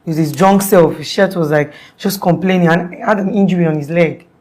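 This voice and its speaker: A young woman with a Nigerian accent speaks in a somewhat low voice. She tells her account in a loose, rambling way and keeps restarting her sentences. Her talk is full of "like" fillers, as in a casual interview. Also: brisk, a little mellow.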